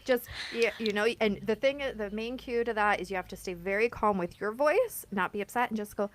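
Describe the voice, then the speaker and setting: A woman's voice: mid-range voice, brisk, hardly any pauses. Chatty woman podcast host. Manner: chatty, tells side stories with laughs and quoted dialogue. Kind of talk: casual interview chat.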